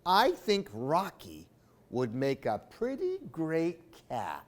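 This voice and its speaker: A man's voice: on the high side, wildly swooping pitch, slow. A man reading picture books aloud for children, with playful asides to young listeners. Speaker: library storytime reader.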